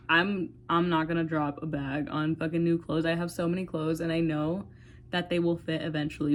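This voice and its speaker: A vlogger in her twenties speaks casually and candidly to her phone, meandering as she swears freely and says "like" frequently. Her voice runs low, with slight background noise.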